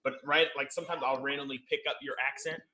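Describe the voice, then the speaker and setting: Bright animated man explaining. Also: medium pitch, a little hiss or hum. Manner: animated, explanatory, fast bursts. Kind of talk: casual chat.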